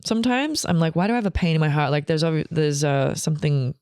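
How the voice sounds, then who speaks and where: A woman's voice: low-pitched, animated, fast talker, a little mellow, clear, resonant tone, no echo, clean studio sound. A woman in her forties telling a long personal story on a podcast, rambling and emotional, with frequent swearing and restarts. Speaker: comedian guest. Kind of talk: candid storytelling chat.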